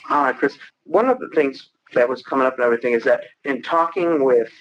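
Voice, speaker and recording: A male investigator calmly and methodically questioning a young witness. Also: medium pitch, fairly quick. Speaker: police investigator. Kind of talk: police interview questioning. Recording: dull lo-fi recording.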